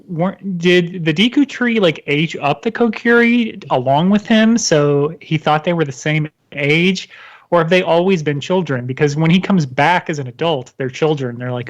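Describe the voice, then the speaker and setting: A man's voice: on the high side, normal speed, lo-fi sound. A man co-hosting a podcast, chatting casually and rambling through his points with small laughs. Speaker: podcast co-host. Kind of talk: casual chat.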